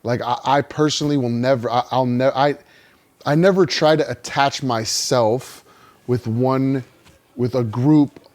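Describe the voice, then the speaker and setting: A man's voice: mid-range voice, a little slow, darkish tone. A middle-aged man with a mid-range voice talks things through in a reflective, casual way. He restarts his sentences as he weighs his points. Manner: reflective, frequent agreeing backchannels. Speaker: podcast co-host. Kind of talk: casual chat.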